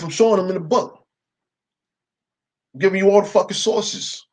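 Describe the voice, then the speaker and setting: A young man with a slightly high, husky voice delivers a casual monologue full of swearing. He tells a story in an emphatic way, often checking in with "right?" and tossing in "yo". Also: moderate pace, darkish tone, low-quality recording. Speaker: commentator.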